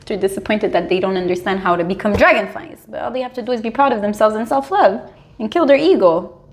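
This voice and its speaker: A young adult woman talking casually as a tarot reader, animated and full of "like"s, often breaking into laughter. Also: medium pitch, fast, slight background noise. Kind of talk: casual spiritual advice monologue.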